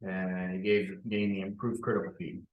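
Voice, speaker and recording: A man running a tabletop game as game master, working through the rules aloud with plenty of fillers. His voice sits on the low side. The sound carries the echo of a roomy space. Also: little pitch movement, moderate pace, lo-fi sound. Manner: explains rules at length with fillers.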